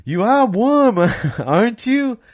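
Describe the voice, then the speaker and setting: A man's voice: extremely high pitch, very animated, slow, highs cut off, pitched above the performer's own voice, exaggerated voice. A man doing a drawling, nasal folk-singer impression while reading from a novel. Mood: drawling showman.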